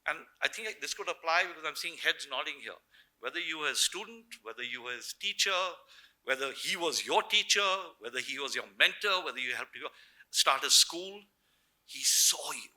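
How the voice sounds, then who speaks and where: A man's voice: a little high, lively intonation, normal speed, rough recording. A middle-aged man giving a personal tribute speech at a memorial gathering, telling anecdotes and quoting the voices of people he remembers. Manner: anecdotal, warm storytelling with quoted voices. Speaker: memorial speaker. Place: memorial gathering before an audience.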